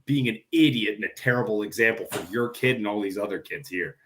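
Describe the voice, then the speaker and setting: Man agreeing with quick short replies. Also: lowish voice, fairly bright tone, slight background noise. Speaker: podcast co-host. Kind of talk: casual chat.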